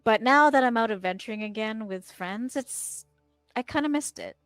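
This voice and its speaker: A woman's voice: fairly high pitch, animated, normal speed, fairly bright tone, clean tone, no echo, soft background music. A woman voicing a homesick adventurer who speaks hesitantly and confides in a friend. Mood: confiding. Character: homesick adventurer missing their family.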